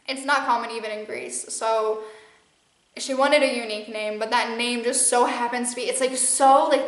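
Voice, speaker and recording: A woman's voice: fairly high pitch, roomy sound, poor audio. A young woman with a Midwestern American accent, rambling and restarting as she hosts a casual podcast monologue. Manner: rambling, restarts often, laughs often. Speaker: podcast host and channeler.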